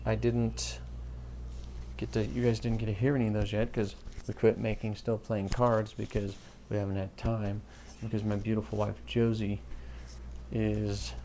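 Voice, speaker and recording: A man's voice: lowish voice, mellow, highs cut off. Podcast host, male, offhand and self-mocking, slight hiss under a home mic. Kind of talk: rambling solo podcast chat.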